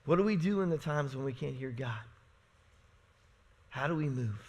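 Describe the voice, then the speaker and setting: A man, a pastor, preaching a sermon in a church in a conversational, storytelling way, often asking "right?" and swinging between loud, emphatic lines and hushed, low passages. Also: expressive, moderate pace, a little hiss or hum. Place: church sanctuary.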